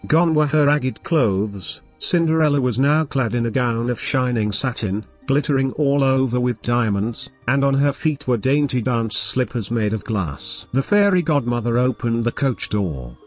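A man narrates a fairy tale as a bedtime story, reading calmly, gently and steadily. His voice sits at a plain middle pitch. Faint music plays quietly underneath. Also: normal speed, hardly any pauses. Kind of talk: scripted narration.

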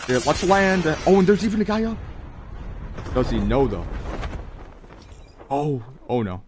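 Young male gamer, excitable commentary, lively swooping pitch, faint gunfire behind. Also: unhurried, noisy background. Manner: hyped, talks to chat, frequent exclamations. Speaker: mobile game streamer.

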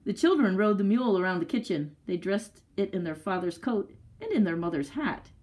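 A woman leading a library story time, reading a picture book aloud to children with expressive storytelling and chatty asides. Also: mid-range voice, fairly quick, rough recording.

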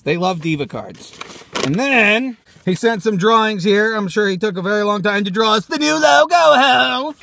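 Excitable, high-voiced man with a bright tone. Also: no echo. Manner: excitable, profane, joking. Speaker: toy show host. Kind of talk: casual fan-mail vlog.

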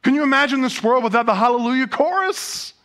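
A man's voice: very high-pitched, lively intonation, fast, sharp tone. A man preaching a sermon, telling humorous stories and asking rhetorical questions of his congregation. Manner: storytelling with jokes and rhetorical questions. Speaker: pastor. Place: church sanctuary.

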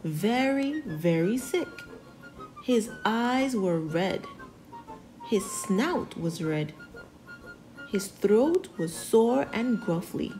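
A woman reading a children's picture book aloud, slowly and expressively. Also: mid-range voice, soft background music, rough recording. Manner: slow, expressive, animated. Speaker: storyteller.

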